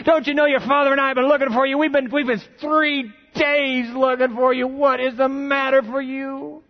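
A man putting on a frantic shouting mother. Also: extremely high pitch, little pitch movement, normal speed, dull audio, voice pushed up. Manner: shouting, scolding. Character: frantic shouting mother scolding her son.

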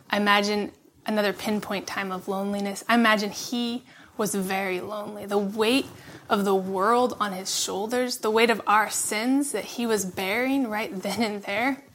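A woman giving a reflective devotional sermon, laughing softly between phrases and dropping to a hush for emphasis. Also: mid-range voice, slight background noise. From California. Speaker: preacher.

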